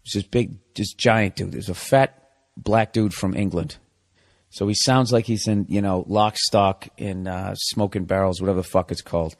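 A man's voice: low voice, fairly even intonation, moderate pace. A man hosting a podcast, telling a comic story in a profane, ranting monologue. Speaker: podcast host.

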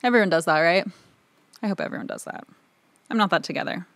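A woman in her home recording studio, chatting to the camera in a rambling, easygoing way. Her voice sits on the low side, and the sound is close and dry with no room echo. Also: expressive, fast, fairly bright tone. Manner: rambling, chatty, lots of filler words. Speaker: audio engineer and video host. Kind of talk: casual talk to camera.

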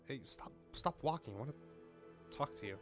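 A young man chats through a game at his home microphone, reading the characters' lines aloud as he goes. His pitch jumps around a lot, and he mocks himself and swears casually when frustrated. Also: expressive, brisk, soft background music. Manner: chatty, self-mocking, swears when frustrated. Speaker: let's play gamer. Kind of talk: casual gameplay commentary, reading dialogue aloud. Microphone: home desk mic with pop filter.

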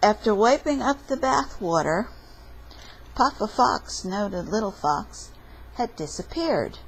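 A woman reads a picture book aloud in a slow, unhurried way, her voice a bit breathy. Her pitch rises and falls a lot as she tells the story. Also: rough recording. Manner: slow, expressive read-aloud. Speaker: storytime reader.

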